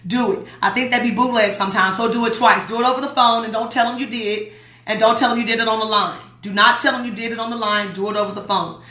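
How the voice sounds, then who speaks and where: A woman's voice: a little high, steady tone, quick pace, sharp tone, roomy sound. A woman from Las Vegas hosting a livestream, reading viewer comments aloud in a blunt, emphatic way and repeating her warnings. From Las Vegas, USA. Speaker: host.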